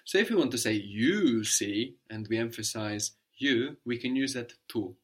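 A man's voice: mid-range voice, a little fast, a bit bright. A man teaching a language lesson, explaining patiently step by step and checking in with "no?".

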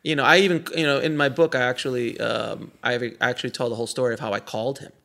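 A man talks about his filmmaking past in a relaxed interview, animated and quick to laugh. His voice has a gravelly edge with a bright, forward tone. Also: mid-range voice. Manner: animated storyteller, laughs often, many restarts. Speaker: guest filmmaker. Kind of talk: casual interview chat.

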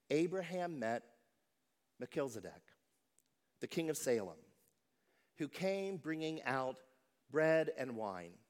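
A man preaching a sermon as pastor, telling stories and acting out quoted voices. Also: mid-range voice.

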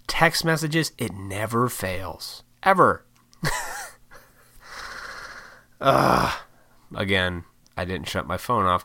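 Casual podcast host, American man, profane and rambling; bright, dry close-mic tone. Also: mid-range voice, no room sound. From United States. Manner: profane, rambling, frequent laughs. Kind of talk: casual solo podcast rant.

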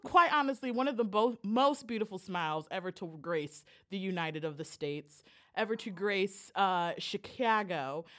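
A woman's voice: on the high side, fairly bright tone. A woman hosting a podcast over a video call, talking in a bubbly, playful, hyping way. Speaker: podcast host. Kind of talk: casual chat.

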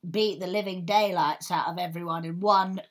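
Woman chatting about a film, playful, acts out the characters, lowish voice. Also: steady tone, normal speed. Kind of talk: casual film chat.

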